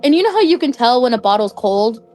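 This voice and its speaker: A woman's voice: on the high side, sing-song, fast, a little mellow, faint music behind. A young woman casually telling a personal story, chatty and full of "like" fillers. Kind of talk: casual spoken anecdote.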